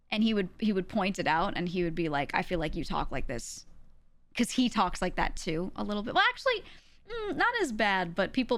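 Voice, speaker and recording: A woman streamer chatting casually with viewers in a measured, even way, using casual slang and laughing often. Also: mid-range voice.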